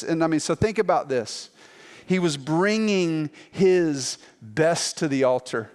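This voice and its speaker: A man preaching as a pastor, telling a scripture story in a lively, conversational way and acting out the quotes. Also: fairly high pitch, slow pace, long reverb tail. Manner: animated storytelling, acts out quotes in playful voices. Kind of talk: sermon.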